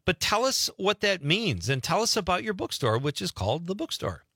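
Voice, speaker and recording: A middle-aged man leads a relaxed interview with a voice that rises and falls a lot. He chats freely and laughs often. His tone is bright and clear, and the room sound is dry. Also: sits high, a little fast, dry recording. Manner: chatty, laughs easily. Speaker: host. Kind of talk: casual interview chat.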